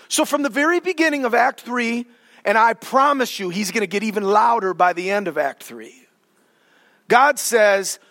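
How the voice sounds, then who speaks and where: A male pastor preaching a sermon in an animated, joking way, with sudden dramatic swings in volume. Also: very high-pitched, long reverb tail.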